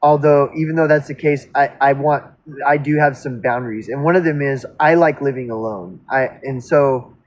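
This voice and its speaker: A man's voice: medium pitch, moderate pace, rough recording. A man telling a personal story in a casual monologue, rambling and self-interrupting, blunt and outspoken. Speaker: storyteller recounting a past relationship.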